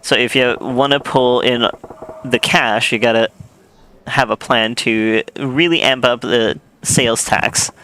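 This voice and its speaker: Smug scheming gangster read by a man, bright forward voice, mid pitch. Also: steady tone, unhurried, a little hiss or hum. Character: scheming male gangster mentoring a bureaucrat. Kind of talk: reading game dialogue aloud.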